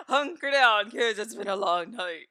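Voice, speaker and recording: Woman streaming live, bright voice, bouncy pitch, keeps cracking up and cussing at her chat. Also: no room sound, studio quality. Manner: laughs often, swears freely.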